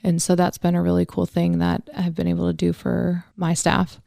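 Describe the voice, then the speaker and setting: A woman co-hosting a podcast speaks in a low, level tone with little pitch movement. Her voice is smooth, with a touch of fry, and sits dry and close on the mic. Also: completely flat delivery, moderate pace, warm tone, dry recording. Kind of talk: casual podcast conversation.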